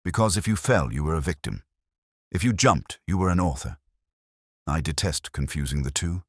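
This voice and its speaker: A man reading the lines of an aloof, exacting genius detective in a measured, dryly formal way. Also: rumbling low, animated, breathy edge, dry recording, studio quality, exaggerated voice. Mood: cold. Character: stout, aloof male genius detective, older. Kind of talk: audiobook character reading.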